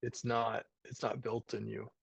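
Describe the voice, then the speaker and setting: Male guest on a video call, gravelly and husky, rambling and casual. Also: medium pitch, monotone, measured pace, no echo. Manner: rambling, many fillers and restarts. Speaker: guest, jiu-jitsu brown belt.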